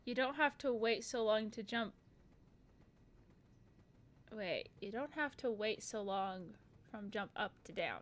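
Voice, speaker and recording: A woman's voice: medium pitch, slow, pauses often. A young woman streaming a game, playful and muttering to herself as she plays. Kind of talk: gaming livestream commentary.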